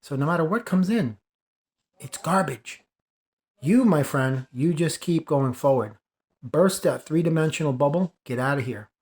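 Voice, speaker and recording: A man's voice: on the high side, animated, moderate pace, darkish tone. Emphatic preachy man. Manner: emphatic, preachy, repeats phrases for stress. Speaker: spiritual video creator. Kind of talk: impassioned spiritual monologue.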